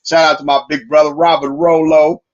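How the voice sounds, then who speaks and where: A man in his fifties co-hosting a livestreamed talk show. He chats casually, laughs often and gives listeners shout-outs. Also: a little high, fairly quick. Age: 50s. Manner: animated, laughing, gives shout-outs, often asks "you know what I'm saying". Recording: dull lo-fi livestream audio.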